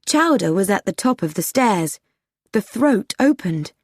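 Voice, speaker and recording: Slow, lively woman narrator. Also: medium pitch, dry recording. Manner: slow, clear storybook reading. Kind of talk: audiobook narration.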